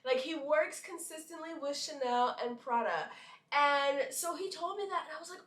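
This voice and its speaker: A woman's voice: high-pitched, fairly quick. Chatty young woman from Brooklyn, echoey room. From Brooklyn, New York. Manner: chatty, animated, full of likes and asides. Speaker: model and vlogger. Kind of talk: casual storytelling to camera. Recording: echoey room, a bit far from the mic.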